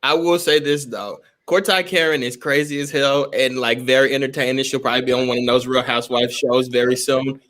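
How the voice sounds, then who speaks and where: A man's voice: mid-range voice, fairly even intonation, a little fast, few pauses, fairly bright tone. A man co-hosting a casual podcast, joking and emphatic. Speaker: co-host.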